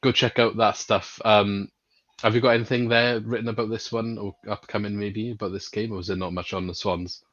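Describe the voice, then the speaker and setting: A man's voice: lowish voice, a little fast, no echo. A man hosting a casual football podcast, chatty and a little hesitant. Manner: relaxed, chatty, some hesitant restarts. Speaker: podcast host. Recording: dull, dry sound.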